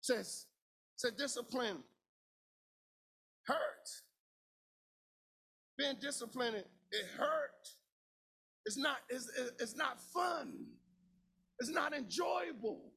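High gravelly preaching man. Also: expressive, extremely slow, long pauses. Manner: preaching with shouted, sing-song cadence and repetition. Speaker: pastor. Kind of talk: sermon.

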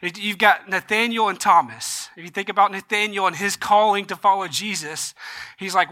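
A male pastor with a high, sharply bright voice delivers his sermon. He talks like he's chatting with the congregation and keeps checking in with them. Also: steady tone, brisk. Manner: conversational, checks in with "right?".

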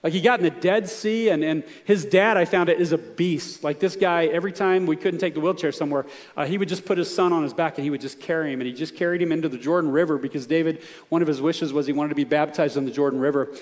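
Man, pastor, sermon, fairly high voice, long hall reverb. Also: fast. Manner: storytelling, earnest, emphatic questions to the congregation.

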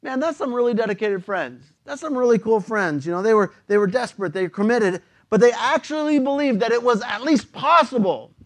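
A man's voice: extremely high pitch, fairly quick, hardly any pauses. A man preaching a sermon in a casual, conversational way, using slang and often repeating words.

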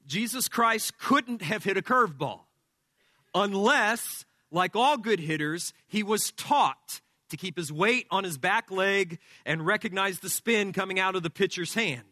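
A male pastor preaching an expository sermon, explaining scripture verse by verse in a deliberate teaching manner. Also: high voice, sharp tone, no echo, studio quality.

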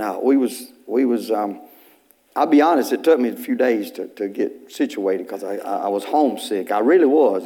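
A male pastor, preaching a sermon in church in a folksy storytelling way, with bursts of loud preaching. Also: medium pitch.

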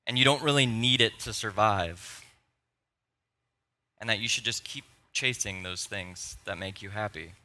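Brief: male pastor preaching in church, bright tone, playful, geeky, excitable. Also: mid-range voice. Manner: playful, excitable, self-deprecating, nerdy enthusiasm. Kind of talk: sermon. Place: church sanctuary.

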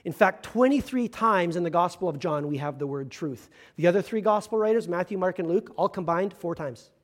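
A man, a pastor, giving a conversational sermon with self-deprecating humor and slow, emphatic stresses. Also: sits high, animated.

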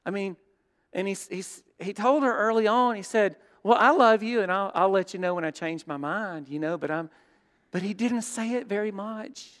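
A man preaching a sermon as pastor, telling stories and dropping from loud to hushed. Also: high voice, moderate pace. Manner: storytelling, shifts between loud and hushed. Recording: long hall reverb.

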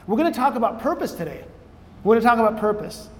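A man's voice: very high voice, big pitch swings, quick pace, slight background noise. A man giving a conversational sermon to a church audience, repeating key phrases and putting questions to the room. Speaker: preacher. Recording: long hall reverb.

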